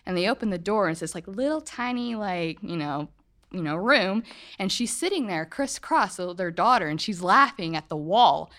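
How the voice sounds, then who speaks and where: A woman's voice: medium pitch, lively intonation, normal speed, fairly bright tone. A woman telling a ghost story at a live podcast show in a meandering, self-correcting way. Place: hotel event room, live show.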